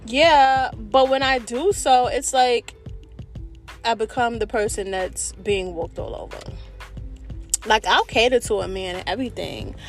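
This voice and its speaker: A woman, an adult with children, talking openly in a candid personal monologue, animated and expressive, with slang and a bit of cursing. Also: fairly high pitch, a little slow, faint music behind. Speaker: vlogger.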